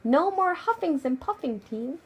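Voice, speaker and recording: A woman who speaks Japanese natively, reading a picture book aloud to her child at home at bedtime, expressive and hushed at times. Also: high-pitched, unhurried, lo-fi sound. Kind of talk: bedtime story read-aloud.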